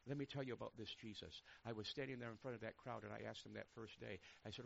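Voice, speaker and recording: Gravelly fervent male preacher. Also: lowish voice, fairly even intonation, fast, dull audio. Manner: swings from hushed and intimate to loud, fervent preaching. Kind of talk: sermon.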